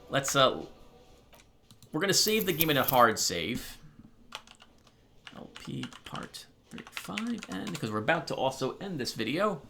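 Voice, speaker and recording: Let's play host, casual, thinking aloud, bright, animated, faint game music underneath. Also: male voice, fairly high pitch, gravelly. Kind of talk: let's play commentary and narration.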